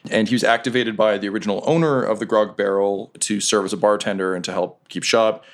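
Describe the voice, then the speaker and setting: A man narrating as game master in a relaxed way, with frequent fillers. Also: fairly low pitch, quick pace.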